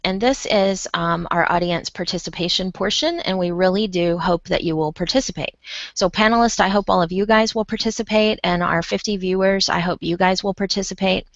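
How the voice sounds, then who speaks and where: Gravelly-voiced enthusiastic woman presenter. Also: medium pitch, dry recording. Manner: enthusiastic, effusive. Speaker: host and presenter. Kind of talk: online conference session. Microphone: video call. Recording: dull, dry video call audio.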